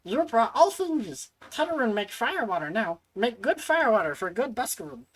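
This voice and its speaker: A woman's voice: on the high side, big pitch swings, moderate pace, rough recording. A woman voicing a small gremlin-like shopkeeper who talks in broken, simple phrases about himself in third person. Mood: eager. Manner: broken caveman-style speech, third person.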